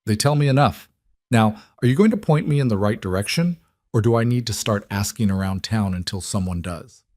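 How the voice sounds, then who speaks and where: A man's voice: fairly low pitch, brisk, a little mellow, no echo, clean studio sound, lightly acted. A man voicing a firm, unflinching young woman. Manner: firm, clipped replies.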